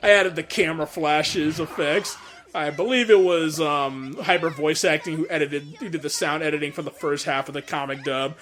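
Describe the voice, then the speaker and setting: A man's voice: fairly high pitch, fairly even intonation, moderate pace, fairly bright tone. A man giving casual audio commentary on his own fan dub. He rambles, stammers over repeated words and laughs often between remarks.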